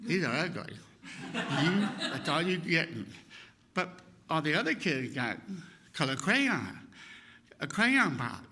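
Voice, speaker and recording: A man's voice: on the high side, takes it slowly, pauses often, slight background noise. A man in his sixties preaching a sermon as a humorous personal story, acting out the people he quotes. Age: 60s. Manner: lively storyteller who acts out the people he quotes. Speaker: guest speaker.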